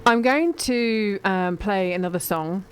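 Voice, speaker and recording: A woman's voice: mid-range voice, unhurried, slight background noise. A woman hosting a radio book show, chatting and plugging books with enthusiasm. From Britain. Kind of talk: casual radio interview chat.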